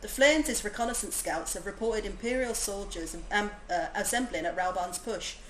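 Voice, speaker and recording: A woman voicing a stern military officer in a game, putting on a Yorkshire accent, reading in a formal, measured way. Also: medium pitch, fairly bright tone, roomy sound, a little hiss or hum, lightly acted, poor audio. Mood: earnest. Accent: put-on Yorkshire.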